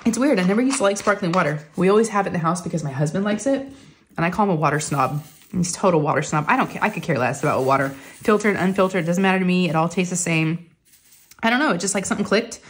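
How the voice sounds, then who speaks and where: Chatty woman vlogger, low voice. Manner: chatty, giggly storytelling with lots of fillers. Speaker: crafting vlogger. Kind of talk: casual chat to viewers. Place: at home.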